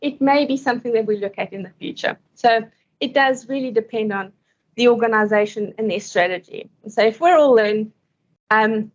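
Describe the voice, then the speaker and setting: A woman's voice: on the high side, normal speed. Chatty woman speaker, dull lo-fi audio. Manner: conversational, laughs often between points. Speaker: conference speaker. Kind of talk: conference talk and Q&A.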